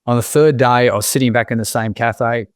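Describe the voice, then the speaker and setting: An Australian man, a podcast guest, telling his personal story in a reflective, halting way with many restarts. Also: mid-range voice, steady tone, no room sound, studio quality.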